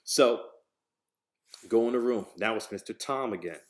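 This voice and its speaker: A man's voice: fairly low pitch, moderate pace. A man hosting a podcast, telling a story in casual, profane talk, acting out the voices of the people in it. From New Jersey, USA. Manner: profane, animated, acts out quoted voices. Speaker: podcast host.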